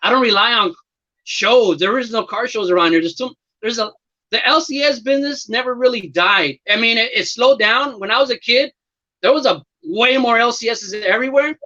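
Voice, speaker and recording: A man's voice: very high voice, normal speed, bright, forceful tone, lo-fi sound. A man chatting casually about collecting trading cards, rambling and laid-back with lots of fillers. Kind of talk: casual chat.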